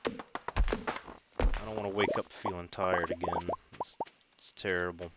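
A man's voice: sits low, level tone, takes it slowly, over loud music. A man giving casual, joking and self-mocking commentary while playing a video game. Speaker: gaming video host.

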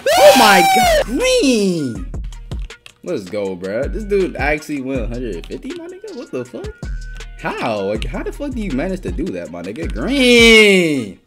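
Excitable young man trash-talking over gameplay. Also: mid-range voice, moderate pace. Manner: excitable, swears a lot, trash-talks teammates and opponents. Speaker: gaming YouTuber. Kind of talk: casual gameplay commentary. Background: background music.

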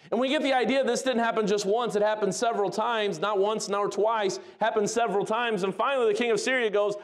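A man preaching a sermon, opening in quiet prayer and then telling a lively story. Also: high voice, fairly quick.

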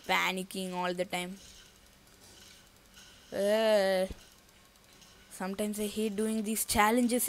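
Slow-talking jumpy woman gamer. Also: medium pitch, a bit bright. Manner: jumpy, thinks aloud, nervous outbursts; casual slangy talk to viewers. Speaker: gaming YouTuber. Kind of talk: live gameplay commentary.

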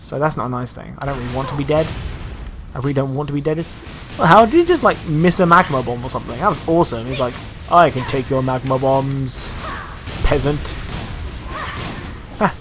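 Against a noisy background, a man with a fairly high voice jokes his way through a video game, offering casual, sarcastic, self-mocking commentary.

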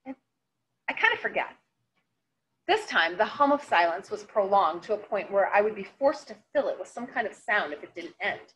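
A woman teacher reading a novel aloud to her class, in an expressive read-aloud manner. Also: medium pitch, brisk, few pauses, a little hiss or hum, low-quality recording.

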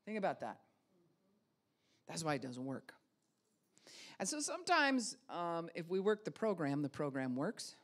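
A woman's voice: fairly low pitch, sing-song, a little slow, long pauses. A woman pastor giving a casual spiritual teaching talk, conversational, with many rhetorical questions and light laughs.

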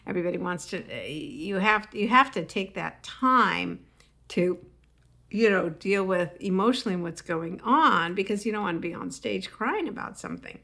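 A woman who is a comedian and public speaking coach, talking in a podcast interview and acting out punchlines with high whoops. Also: normal speed, gravelly. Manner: animated storyteller acting out quips with high whoops.

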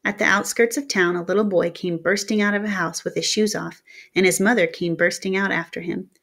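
A woman reading a novel chapter aloud as an audiobook. Her narration is steady and told in the first person, as a storyteller. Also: lowish voice, fairly quick. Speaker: reader.

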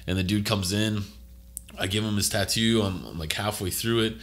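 A man's voice: lowish voice, normal speed, fairly bright tone. A man hosting a casual podcast chat, telling a story with lots of laughs, swearing and acted-out quotes. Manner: laughs a lot, swears freely, acts out quotes. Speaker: podcast host.

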